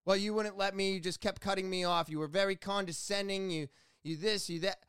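A man putting on the voice of an angry, hostile woman customer who accuses and yells. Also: high voice, fairly even intonation, brisk, clear, resonant tone, no echo, studio quality. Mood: accusing. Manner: accusing, yelling.

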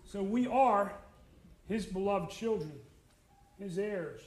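A man's voice: sits high, takes it slowly, pauses often. A middle-aged man preaching a sermon in a conversational way, with fillers and restarts. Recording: echoey room.

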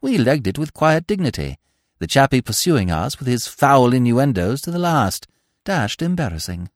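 A man reading a comic story aloud in a wry, expressive manner. His pitch roams widely. The recording is close and very dry. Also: moderate pace, dry recording. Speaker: narrator. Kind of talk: audiobook reading of a classic comic novel.

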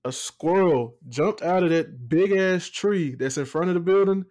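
A young man, telling jokey stories in a relaxed casual chat. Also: high voice, a little slow. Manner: relaxed, joking storyteller.

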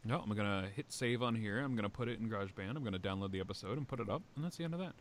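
A man hosting a podcast in casual chat, animated and swearing, with big swings in pitch. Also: rapid-fire, few pauses, no echo. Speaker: podcast host.

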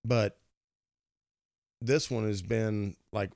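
Gravelly man rambling on a podcast. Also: on the low side, fairly even intonation, extremely slow, darkish tone, no room sound, clean studio sound. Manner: rambling, ranty. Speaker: podcast guest. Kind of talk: casual chat.

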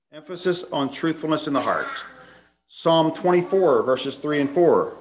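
A man's voice: on the high side, lively intonation, unhurried. A man preaching a sermon, laying out numbered points and reading scripture passages aloud, sometimes restarting his phrases.

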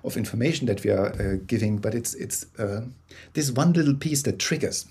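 Husky man explaining with tag questions. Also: medium pitch, lively intonation, brisk, a little mellow. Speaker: guest storyteller. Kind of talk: interview conversation.

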